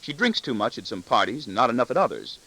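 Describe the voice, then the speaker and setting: A man's voice: medium pitch, sing-song, fast, bright, forceful tone, heavily acted, poor audio. A man voicing an arrogant, cutting corporate boss in an audiobook, with a sardonic, self-satisfied delivery. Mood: scornful. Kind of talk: audiobook reading.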